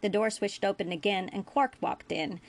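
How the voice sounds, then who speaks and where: A woman reading fan fiction aloud as a storyteller, with a steady pace and small slips. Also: mid-range voice, moderate pace, vocal fry. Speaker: audiobook reader.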